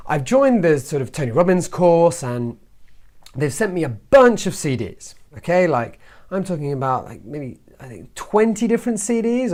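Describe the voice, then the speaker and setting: A man talking casually to camera as a self-help vlogger, telling a story and often checking in with "right?". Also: fairly high pitch. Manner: chatty, keeps asking "right?".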